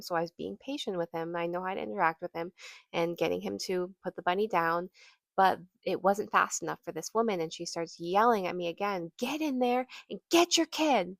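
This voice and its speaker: A woman's voice: lowish voice, creaky, dry recording. A woman podcast host telling a personal story in an earnest, reflective way, often restarting her sentences and saying "like".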